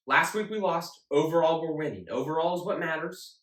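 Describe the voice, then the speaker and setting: A man's voice: a little high, fairly quick, a bit bright. A man hosting his own sports show, talking casually and emphatically and often repeating himself. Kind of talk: casual solo sports talk. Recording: echoey room, mic at a distance.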